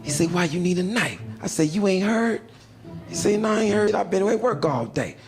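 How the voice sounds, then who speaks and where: A man's voice: high voice, expressive, brisk, over music. A man doing stand-up, telling a prison story and acting out the people in it with shifting voices. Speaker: stand-up comedian.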